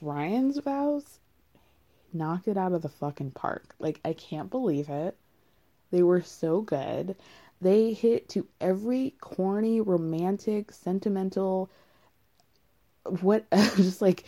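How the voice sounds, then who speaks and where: A woman's voice: fairly low pitch, warm tone. A woman casually recapping a reality show, candid and rambling, with frequent laughs.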